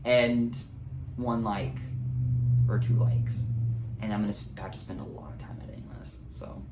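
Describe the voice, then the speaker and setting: A man's voice: on the low side, moderate pace. A young man in a casual movie review, rambling with many ums and likes. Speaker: video creator. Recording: echoey room, faint ambient noise.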